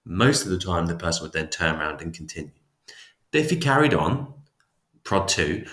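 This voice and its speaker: A man's voice: fairly low pitch, very animated, brisk, echoey room. A man teaching psychology in a casual, chatty lecture, often restarting and adding asides. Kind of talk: informal classroom lecture.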